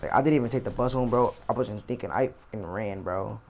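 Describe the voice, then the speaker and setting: A man's voice: on the low side, fairly quick, creaky, a little mellow, slight background noise. Rambling young man telling a story. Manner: rambling, slangy, repeats himself. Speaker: vlogger. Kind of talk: casual storytime while gaming.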